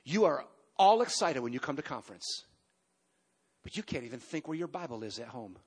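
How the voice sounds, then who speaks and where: Preaching in a large church, a man in his fifties tells his story with energy, using emphatic pauses and abrupt loud outbursts. He has a mid-range, slightly rough voice.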